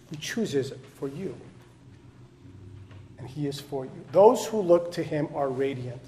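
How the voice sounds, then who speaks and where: A man preaching a sermon to his congregation, building loud, rising lists of titles and then dropping to soft, low lines. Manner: impassioned, swinging between soft low passages and loud rising repetitions. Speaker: pastor.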